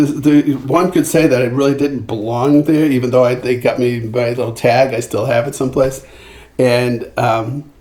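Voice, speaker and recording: An older man, a singer-songwriter, tells long anecdotes at a middling pitch with lively energy. He often stumbles and restarts, slipping into other people's voices, and the room lends a roomy echo. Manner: animated anecdotes with acted-out quotes and frequent restarts. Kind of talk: storytelling in a podcast interview.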